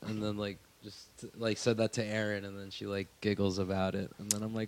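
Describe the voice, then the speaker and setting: A man's voice: on the low side, level tone, fairly quick, a little hiss or hum. A man co-hosting a podcast, chatting loosely with lots of "like" and "dude", joking and swearing. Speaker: podcast co-host. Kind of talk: casual podcast chat.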